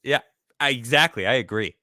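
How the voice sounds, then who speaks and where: A man's voice: medium pitch, brisk, pushed and bright, no echo, clean studio sound. A man hosting a casual live-stream talk show, joking loosely and reading viewer comments aloud. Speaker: host.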